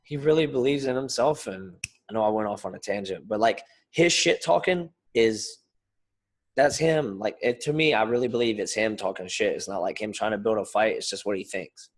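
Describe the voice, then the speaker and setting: A man co-hosting a casual podcast, talking in an animated, rambling way and swearing freely. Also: lowish voice, normal speed. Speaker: podcast co-host, fighter. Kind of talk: casual chat.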